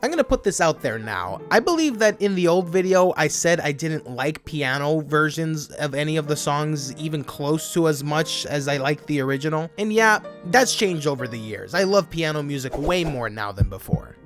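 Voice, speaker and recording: A man's voice: a little high, expressive, normal speed, few pauses. A man giving a casual soundtrack review commentary, jokey and self-mocking as he talks. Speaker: music reviewer. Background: faint game music.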